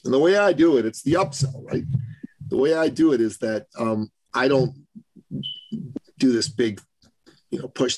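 A man from Canada, a business coach, telling an animated story as a podcast guest and acting out the voices of the people he quotes. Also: mid-range voice, normal speed, long pauses, low-quality recording. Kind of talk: storytelling interview.

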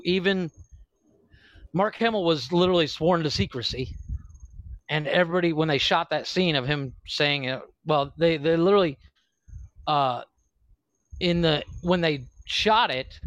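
A man's voice: a little high, measured pace, fairly bright tone, no echo, highs cut off. A man hosting a podcast, telling a story in a rambling way, swearing freely and laughing often. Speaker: podcast host. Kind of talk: casual profane chat.

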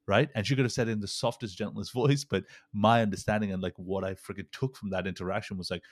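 Very deep-voiced man hosting a podcast. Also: steady tone, fast talker, few pauses, dry recording, studio quality. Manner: rambling storytelling with frequent restarts and "like". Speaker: podcast host. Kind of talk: casual conversational interview.

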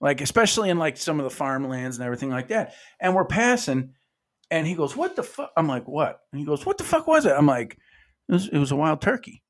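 Lively, animated Midwestern man. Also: on the high side, a little fast. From American Midwest. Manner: animated storyteller, swears freely, acts out quotes. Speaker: podcast co-host. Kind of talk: casual storytelling chat.

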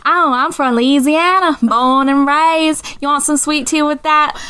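A woman's voice: sits high, fairly even intonation, a little slow, bright, forceful tone, no echo, voice pushed up. A woman putting on a syrupy Southern belle drawl. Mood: sweet, flirty. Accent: Southern US, put on. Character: flirty Southern belle fast-food cashier, woman.

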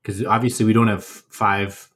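A man co-hosting a podcast, explaining things in a relaxed, casual way with playful asides. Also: fairly low pitch, normal speed, slightly rough. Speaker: podcast co-host. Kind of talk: casual educational chat.

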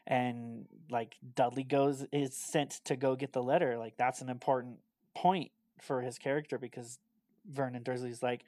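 A man co-hosting a casual podcast, retelling things in a rambling, animated way and filling his talk with "like". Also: medium pitch, moderate pace, no room sound. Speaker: podcast co-host.

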